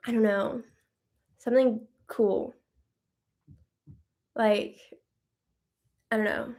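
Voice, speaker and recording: An upbeat woman hosts a live stream, answering viewer questions in a loose, chatty way. She thinks out loud and keeps the talk relaxed and friendly. Her voice sits somewhat high. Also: very slow, gravelly, pauses often.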